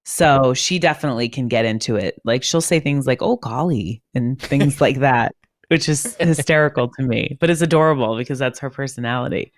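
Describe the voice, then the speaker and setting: A woman who works as a radio host, talking in a chatty, animated way on a casual podcast, with a trained, neutral broadcaster's delivery. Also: rumbling low, brisk, few pauses, no room sound, studio quality. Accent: none, trained neutral broadcast speech. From East Coast of the US.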